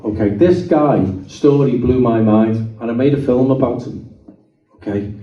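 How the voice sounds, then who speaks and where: Before a live audience, this man shares his testimony with lively storytelling, voicing the characters' dialogue himself. He speaks unhurriedly in a mid-range voice, picked up by a distant mic in the meeting hall that sounds dull and roomy.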